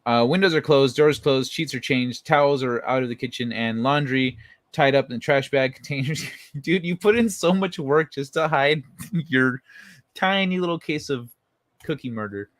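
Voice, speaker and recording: A man's voice: medium pitch, moderate pace, no room sound. A young man hosting a late-night livestream, chatting with his viewers and telling stories in a loose, profane way. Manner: loose, profane storytelling, reads chat aloud, laughs often. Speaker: livestream host. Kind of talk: casual chat with live chat.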